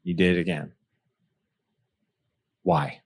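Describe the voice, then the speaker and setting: A man's voice: low voice, steady tone, takes it slowly, husky, no echo. A man as a podcast guest, earnestly telling a personal story and retelling past conversations. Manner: earnest, retells dialogue with "he's like".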